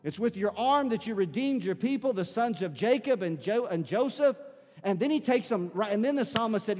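Man preaching in church, pretty high voice, big echoey hall, gets loud and fervent in prayer. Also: lively intonation, moderate pace. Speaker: pastor. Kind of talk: sermon. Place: church sanctuary.

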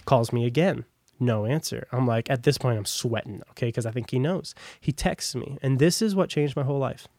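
A man's voice: mid-range voice, a little fast, darkish tone, no echo. A young man telling his personal testimony as a podcast guest, in a casual, rambling way full of fillers. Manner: casual, rambling, heavy on "like" and "long story short".

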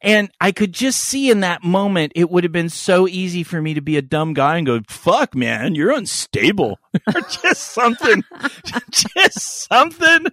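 A man's voice: high-pitched, very animated, moderate pace, bright, forceful tone, no room sound, clean studio sound. A middle-aged man, a podcast co-host, telling rambling, crude stories in casual chat with frequent laughs.

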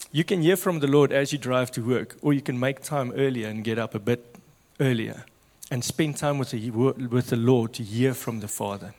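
A man preaching a sermon with passion, swinging from loud to hushed. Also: medium pitch, in a large hall.

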